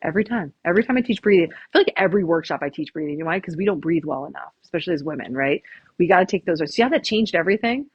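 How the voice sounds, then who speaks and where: A woman's voice: lowish voice, expressive, rapid-fire, slightly rough, no room sound, lo-fi sound. A woman chiropractor leading a live stress workshop, chatty and upbeat, counting the group through breathing. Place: small room with a live audience.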